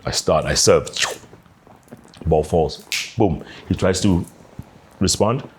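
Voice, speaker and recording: A man, a journalist, telling an animated anecdote with many casual fillers. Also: low voice, slow pace, background noise. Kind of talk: anecdotal storytelling.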